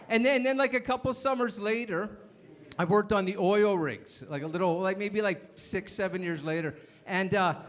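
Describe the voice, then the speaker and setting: A man's voice: high-pitched, a bit bright. A man in his late thirties doing a stand-up comedy set, telling rambling stories that keep stopping and restarting. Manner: rambling, self-interrupting storyteller.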